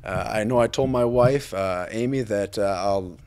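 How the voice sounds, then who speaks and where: A man's voice: lowish voice, normal speed, a little mellow, smooth. A man in his thirties, a football coach giving earnest, grateful remarks at a press conference, full of fillers and restarts. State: a little choked up.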